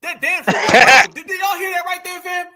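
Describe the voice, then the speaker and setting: A man's voice: very high voice, expressive, a little fast, raised voice, crowd noise. A male host giving mocking, indignant commentary on video clips and calling his viewers family.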